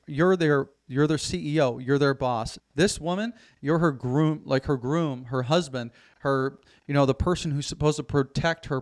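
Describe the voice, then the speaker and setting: A man, an executive coach, speaking as a podcast guest in an earnest, storytelling way. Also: on the high side. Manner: earnest, storytelling, quotes his clients. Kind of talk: podcast interview.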